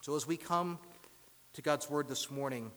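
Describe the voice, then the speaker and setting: Emphatic pastor with a higher voice in a reverberant church. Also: male voice, normal speed. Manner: emphatic, swings from loud proclaiming to hushed. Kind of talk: sermon. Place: church sanctuary. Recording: long church hall reverb.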